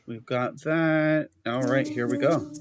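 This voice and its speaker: A man's voice: medium pitch, slow. A man co-hosting a stream show, chatting casually.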